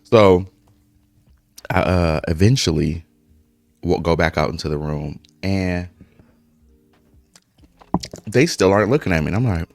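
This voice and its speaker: Man vlogger, deep voice, casual profane storyteller mid-meal. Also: unhurried, vocal fry, long pauses, a little mellow, no room sound. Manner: speaks through eating breaks. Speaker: mukbang vlogger. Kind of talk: casual storytime while eating.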